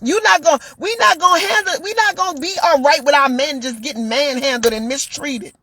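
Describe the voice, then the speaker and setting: A woman's voice: sits high, fairly quick, pushed and bright, no room sound. A woman telling a personal story and delivering an impassioned monologue, repeating phrases for emphasis. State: shaken, near tears at times. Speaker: commentator.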